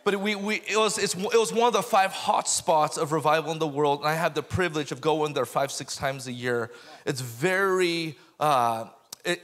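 A man telling a lively testimony story on a ministry panel, laughing and raising his voice at the punchlines. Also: on the high side, long reverb tail.

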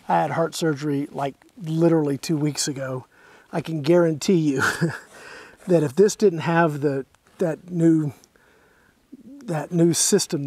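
A man's voice: fairly high pitch, mellow, husky, no room sound. A man hosting a hands-on airgun review outdoors, a little out of breath, casually talking through each step as he goes.

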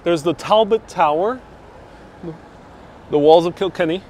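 A man with a high-pitched, slightly mellow voice speaks at a measured pace while livestreaming his travels on foot through town. He chats casually and jokes in reply to viewers' comments, recorded on a wireless clip-on mic with a bit of hiss or hum.

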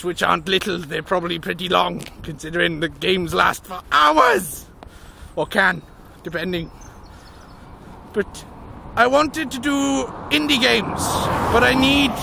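A young man with a very high, bright voice full of gravelly fry, rambling loudly and jokily while he walks. He talks slowly and shouts now and then, with faint wind and traffic behind him. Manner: loud, silly, jokey, shouts at the wind and cars. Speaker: gaming vlogger. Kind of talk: rambling outdoor vlog. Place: outdoors walking along a busy road. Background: wind and passing traffic.

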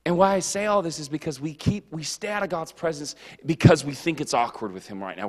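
A man preaching a casual, animated youth sermon in a church, joking and slipping into quick character voices. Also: a little high. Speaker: youth pastor. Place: church hall. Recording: long hall reverb.

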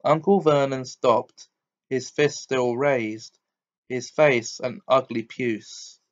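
A male audiobook reader narrating a novel at a steady storytelling pace, in a mid-pitched voice. The recording is slightly dull and muffled. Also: slow. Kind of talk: reading a novel aloud.

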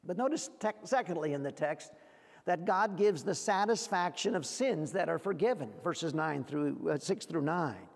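A man preaching a sermon as pastor, earnest, often repeating words as he searches for the next phrase, and dropping low and quiet when he quotes scripture. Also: lively intonation, moderate pace, vocal fry, in a large hall. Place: church sanctuary.

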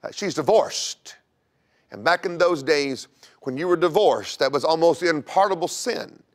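Male preacher-host telling a church story, fairly high voice, dramatic swings from booming to whispered. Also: moderate pace. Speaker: guest host. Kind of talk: preaching history talk.

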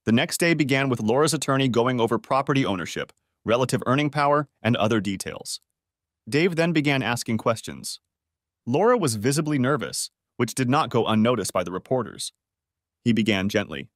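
Brief: male audiobook narrator, mid pitch, steady matter-of-fact read, dry close sound. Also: brisk, dry recording. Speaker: story narrator.

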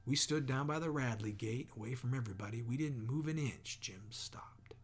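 A man reading a novel aloud in a steady, measured narration. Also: medium pitch, breathy edge. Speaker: audiobook reader. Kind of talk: scripted narration.

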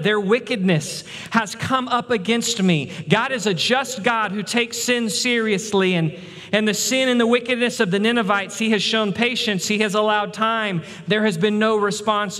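A man's voice: sits high, a bit bright. Male pastor, sermon delivery, emphatic repetition; long hall reverb. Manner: emphatic preaching, repeats words for stress. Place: church sanctuary.

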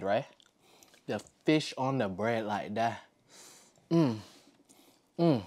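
An unhurried man chats casually in an eating vlog, drawing out his words between bites. He often talks with his mouth full. Cutlery and dishes clink in the background. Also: on the low side, darkish tone. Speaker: vlogger.

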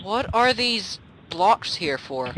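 A man chatting casually while playing a game, excitable and laughing often. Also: sits high, slow, background noise. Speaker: gamer, co-host. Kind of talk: casual let's play chat.

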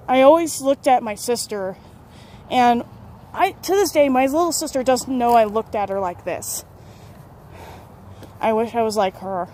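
A woman's voice: fairly high pitch, a little mellow, a little hiss or hum. A young adult woman telling a personal story to camera, candid and rambling, often laughing and correcting herself. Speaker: vlogger.

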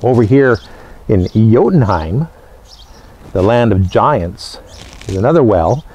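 A man with a fairly low voice gives a casual educational talk as a living history presenter. He explains things step by step, in short phrases with pauses between them. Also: expressive, darkish tone, breathy edge.

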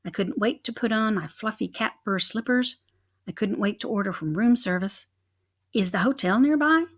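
A young adult woman reading a children's chapter book aloud in an expressive, rhythmic way. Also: mid-range voice, moderate pace, breathy edge. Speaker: reader.

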